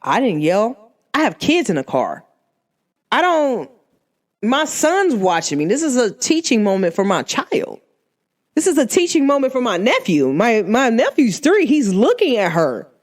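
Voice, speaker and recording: Casting note: a woman host with a slightly high voice and very lively pitch, emphatic storyteller. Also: measured pace. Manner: animated, emphatic, punctuates with "boom". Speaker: podcast host. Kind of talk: storytelling monologue.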